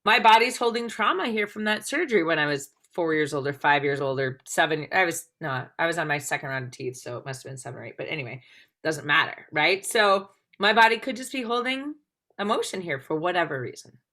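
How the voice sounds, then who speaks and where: A woman's voice: low-pitched, lively intonation, fairly quick, pushed and bright. A woman teaching a live tapping class, explaining things conversationally and often checking in with "right?".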